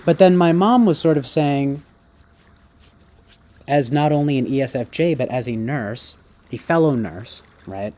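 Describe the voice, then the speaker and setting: A man's voice: medium pitch, unhurried, pauses often, a little mellow. A man ranting casually, rambling and profane, with heavy fillers. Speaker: streamer. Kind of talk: casual rant.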